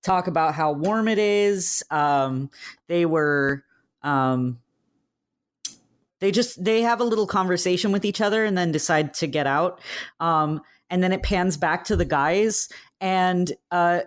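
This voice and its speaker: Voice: medium pitch, a little slow. A podcast co-host casually retelling a game scene, with plenty of ums and uhs. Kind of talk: casual chat.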